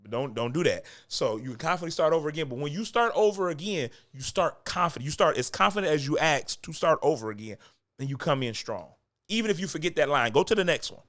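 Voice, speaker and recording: A man's voice: a little high, lively intonation, fast talker, fairly bright tone. A man giving acting coaching in a casual talk, close to the mic, repeating his points for emphasis. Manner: conversational, repeats points for emphasis, chuckles between lines. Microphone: close microphone.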